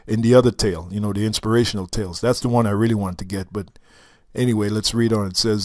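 A man reading a story aloud and breaking off for halting, chuckling commentary. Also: on the low side, steady tone, no echo, clean studio sound. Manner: halting asides, restarts and chuckles between read passages. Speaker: reader and teacher.

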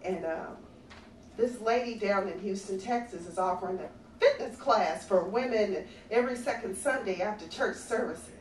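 A woman's voice: medium pitch, moderate pace. A woman doing a stand-up comedy routine in a comedy club, sassy and conversational as she teases the audience. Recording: echoey, far-off club recording with faint ambient noise.

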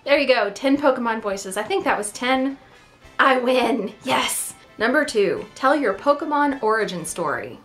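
A woman's voice: on the high side, animated, measured pace, a bit bright, faint music behind. A woman vlogger in casual chat, playful and self-deprecating, talking to the camera.

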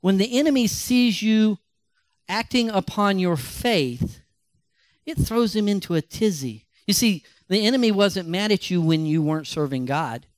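A male pastor telling a Bible story as a sermon, animated and emphatic. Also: high voice, measured pace, no echo.

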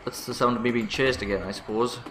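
A man's voice: mid-range voice, steady tone, fast talker. A man hosting a let's play, panicky and self-mocking, swearing often as he plays. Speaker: gaming channel host. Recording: roomy sound with faint music.

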